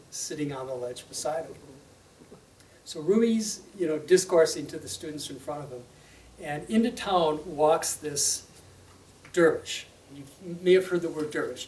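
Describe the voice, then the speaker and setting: A man's voice: a little high, a little mellow. A man, a religious teacher, telling a story in a conversational lecture with fillers and check-ins. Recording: roomy, distant mic, faint noise.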